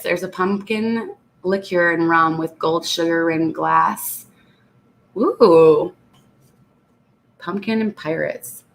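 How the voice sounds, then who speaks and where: A woman's voice: low voice, fairly bright tone. A woman hosting a casual live stream, reading viewer comments aloud and chatting with frequent laughter, a little congested. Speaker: channel host reading live chat.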